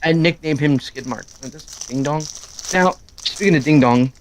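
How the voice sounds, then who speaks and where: A middle-aged man chatting casually on a live stream, loud and quick, rambling from story to story. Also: fairly high pitch, a little hiss or hum. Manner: loud, fast-talking, rambling. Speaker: streamer co-host. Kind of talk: casual chat.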